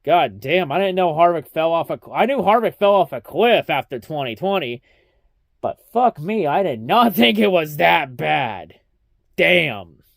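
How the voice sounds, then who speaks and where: A man's voice: a little high, big pitch swings, a little slow, gravelly, no echo, clean studio sound. A young man giving a casual, profanity-heavy race recap, ranting and mocking as he talks. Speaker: racing recap vlogger.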